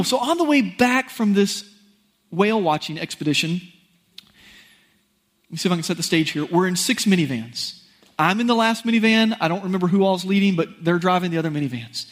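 A man preaching a sermon, telling a personal story in an animated, folksy, conversational way. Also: high voice, brisk.

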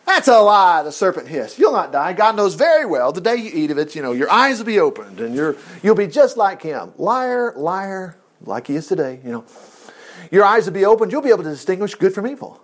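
Guy preaching, high voice that jumps around a lot, chatty asides between the verses. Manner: animated, exclaims asides between readings; folksy, talks straight to the congregation. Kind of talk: sermon reading and commenting on scripture.

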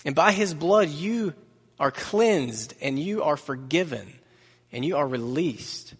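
Pastor, male, slightly high voice, chatty sermon with jokes, long hall reverb. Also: expressive, slow pace, slightly rough. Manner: conversational preaching with asides and humor.

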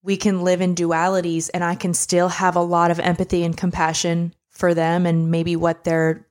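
Her voice sits on the low side with a darkish tone, delivered in a monotone at ordinary speed. As a young podcast co-host, she recounts something personal during a casual chat, speaking candidly and emotionally as if to a friend.

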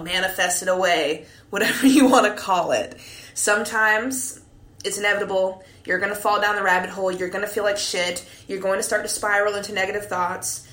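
A young woman hosting a podcast, telling a story in a candid, profane, animated way, a few drinks in. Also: mid-range voice, echoey room. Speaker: podcast host. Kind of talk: casual monologue.

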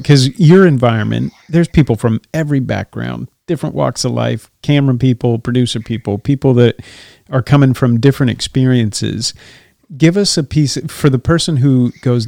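A male host with a gravelly, mellow voice asks long, thoughtful questions. While his guest speaks he gives small murmurs of agreement. The sound is dry and close, with no reverb. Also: medium pitch. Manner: reflective, with soft murmured assent. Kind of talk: casual faith interview.

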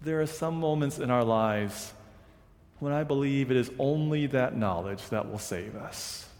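A man preaching a sermon in a conversational, animated way, slowing down for quoted scripture. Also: mid-range voice. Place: large church sanctuary. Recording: long reverb of a big hall.

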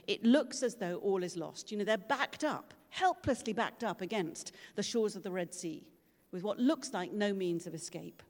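In a large church whose long reverb fills the recording, a woman gives a sermon through conversational storytelling and acts out the voices of the people she quotes. She speaks at a normal speed in an animated, medium-pitched voice.

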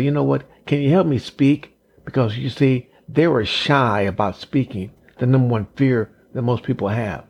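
A man giving a slow, deliberate motivational talk, counting off numbered points with emphasis. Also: mid-range voice, darkish tone, husky. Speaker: motivational speaker.

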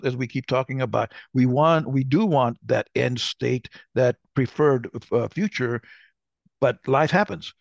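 Gravelly older man telling rambling stories. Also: medium pitch, dry recording. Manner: rambling, self-correcting storyteller. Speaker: podcast co-host. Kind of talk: casual conversation.

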